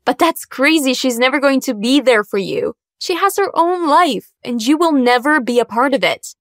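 A woman playing a worried, caring middle-aged mother who pleads gently with her daughter. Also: high-pitched, lively intonation, moderate pace. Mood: pleading.

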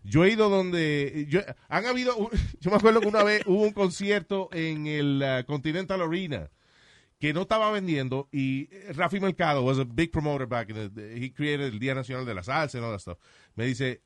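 Male storyteller, bilingual Spanish-English, casual talk-show banter, slightly raised pitch, close dry mic. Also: animated, brisk, no echo. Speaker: entertainer and MC.

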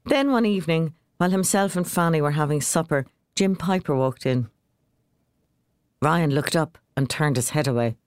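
A woman reading a short story aloud in a measured, expressive narration. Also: low-pitched, dry recording, clean studio sound.

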